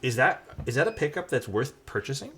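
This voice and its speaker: A man's voice: mid-range voice, sing-song, brisk, a bit bright, slight background noise. A man casually chatting with his stream chat while building a keyboard. He answers questions as they come, often trails off and restarts, and sometimes drifts away from the desk mic.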